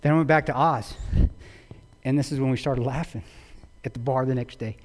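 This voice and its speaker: A man's voice: mid-range voice, fairly even intonation, a little fast. A man giving a public talk, retelling a story intensely with quoted dialogue. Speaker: guest speaker. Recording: long reverb of a large hall.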